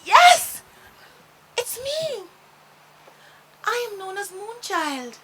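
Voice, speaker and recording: A woman voicing a shy, lonely young girl who is a moon spirit, answering with delighted high cries in a storybook tale. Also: quick pace, a bit bright.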